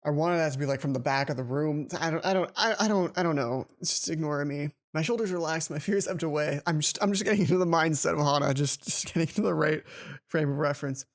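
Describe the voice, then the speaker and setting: A man's voice: fairly high pitch, quick pace. A man hosting a let's play, reading the game's text aloud and breaking off into stumbling asides. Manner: stumbling self-interrupting asides, restarts.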